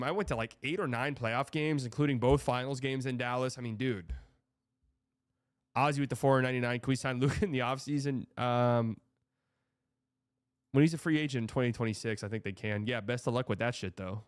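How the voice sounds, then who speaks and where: Young man, livestream host, rambling casual chat, exasperated, profane, crisp tone, dry sound. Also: mid-range voice, steady tone, a little fast, no echo. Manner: exasperated, rambling, swearing, reads donor messages aloud. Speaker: livestream host reading donations.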